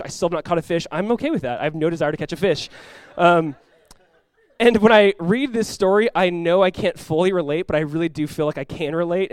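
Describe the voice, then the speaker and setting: A man, a pastor telling a lively personal story in a sermon, often laughing as he talks. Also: on the high side, clean tone, no echo.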